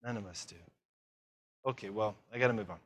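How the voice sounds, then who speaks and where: A man preaching a conference sermon, lively and self-mocking, firing questions at the audience. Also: on the low side, fairly quick, husky. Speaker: conference speaker.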